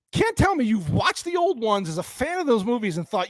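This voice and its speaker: A man's voice: extremely high pitch, big pitch swings, brisk, hardly any pauses, no room sound, clean studio sound. A man giving a profane, exasperated movie review in a ranting style.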